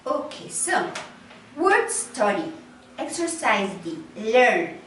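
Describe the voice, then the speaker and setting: A woman with a slightly high, sing-song, fairly bright voice teaches an online English class; the recording is roomy and distant, with a bit of hiss or hum. She goes slowly and patiently, repeating and translating each phrase.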